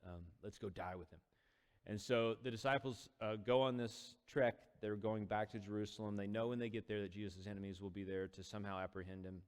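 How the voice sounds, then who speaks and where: Man, low voice, casual Bible teaching, long reverb in the room. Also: flat delivery, brisk, hardly any pauses, clear, resonant tone. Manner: conversational, storytelling with acted quotes. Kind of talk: casual Bible study talk.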